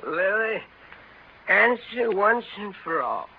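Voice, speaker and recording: A tipsy clowning uncle. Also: male voice, sits high, big pitch swings, takes it slowly, gravelly, heavily acted. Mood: tipsy grand. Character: tipsy jokey middle-aged uncle, a clown. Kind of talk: 1930s radio drama acting. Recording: dull old radio broadcast, faint hiss.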